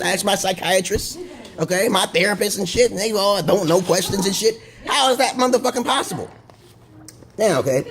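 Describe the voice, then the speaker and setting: A man with a high voice rants straight to camera in a loose vlog monologue. He swears constantly and wanders from point to point. He keeps circling back to check in with a quick "okay?". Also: slight background noise. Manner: profane, rambling, digressive monologue; repeats himself and checks in with "okay?". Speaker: video blogger. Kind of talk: casual vlog rant to camera.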